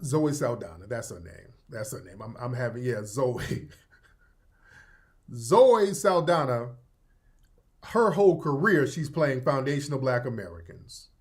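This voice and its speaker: A man's voice: medium pitch, expressive, measured pace, darkish tone. A man hosting his own show, giving blunt, profane, mocking commentary in a casual way. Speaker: show host.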